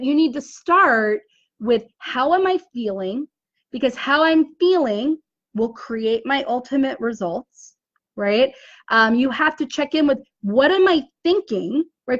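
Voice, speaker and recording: A woman business coach speaks in a high voice, talking straight to her live-stream audience from a dim room. She works through rhetorical questions and keeps checking in with "right?". The audio is dull and lo-fi. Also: no echo. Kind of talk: motivational live-stream talk.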